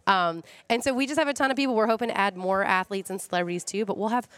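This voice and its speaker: A woman guest on a radio talk show in a restaurant, promoting a charity event in a brisk, upbeat way. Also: mid-range voice, fairly bright tone, clear, resonant tone. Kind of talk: casual interview chat.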